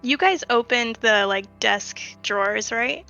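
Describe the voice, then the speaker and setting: Bright-voiced young woman player. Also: a little high, a little slow, creaky, lo-fi sound, faint music behind. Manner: hesitant, lots of likes and ums. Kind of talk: casual tabletop play.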